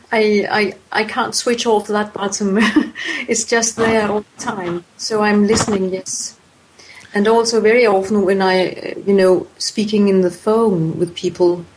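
Slow, hesitant woman explaining. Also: mid-range voice, rough recording. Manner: hesitant, many fillers and restarts. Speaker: voice expert guest. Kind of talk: interview answers.

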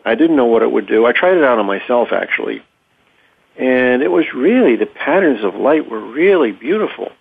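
A man speaks in a middling voice, careful and unhurried, stopping often to find his words. The sound is thin and phone-like, as if heard over a narrow line. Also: mid-range voice, lively intonation, vocal fry, husky. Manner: thoughtful, measured, with frequent ums and pauses. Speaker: interview guest, clinician. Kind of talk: conversational explanation. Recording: tinny phone-like audio.

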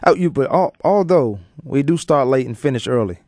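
A man's voice: mid-range voice, lively intonation, a little fast, darkish tone, no room sound. A man hosting a live sports talk show, chatting loosely and joking, with lots of fillers and restarts. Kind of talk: casual sports radio chat.

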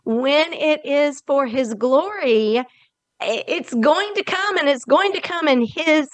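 A woman's voice: sits high, expressive, no echo. A woman hosting a faith interview, speaking in an emotional, reflective way. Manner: emotional, reflective, slow and deliberate. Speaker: podcast host.

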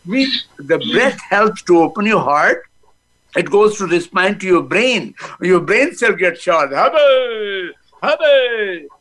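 A man's voice: sits high, animated, measured pace, fairly bright tone, rough recording. A man, a laughter yoga guest who talks with energy and breaks into laughing chants over a phone video call.

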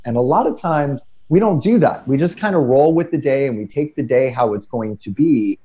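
A middle-aged man with a dark, mellow voice talks through personal stories in an easygoing conversational way. He is earnest and a little self-deprecating, often restarting mid-sentence as his thoughts catch up. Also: medium pitch, very animated, a little fast, few pauses, rough recording. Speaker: podcast guest speaker. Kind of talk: casual conversational storytelling.

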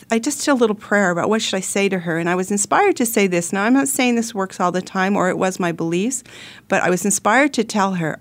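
Middle-aged lady telling her own story, earnest and heartfelt, lots of restarts. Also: mid-range voice. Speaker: host. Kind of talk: personal storytelling talk.

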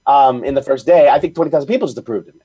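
A man chatting as a podcast guest, telling stories in quick bursts with lots of restarts. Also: mid-range voice, husky. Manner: rapid, animated storytelling with frequent restarts. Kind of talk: casual chat.

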